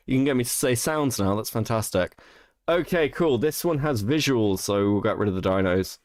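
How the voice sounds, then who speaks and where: A man's voice: medium pitch, expressive, normal speed, no room sound, studio quality. A tired man hosting a stream, swearing freely and laughing as he reacts to a clip. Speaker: stream host. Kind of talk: casual reaction commentary.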